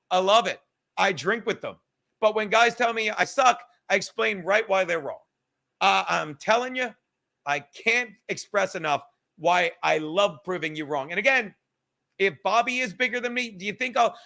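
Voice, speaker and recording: A man's voice: high-pitched, gravelly, pushed and bright. A man hosting a live-stream podcast, reading the chat aloud and ranting in a combative, profane, mocking way from a studio. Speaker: podcast host.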